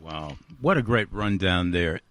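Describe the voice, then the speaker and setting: A man hosts an interview, encouraging his guest along. His voice sits low but swings widely with lively inflection. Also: unhurried, slight background noise. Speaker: radio show host. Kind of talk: interview hosting.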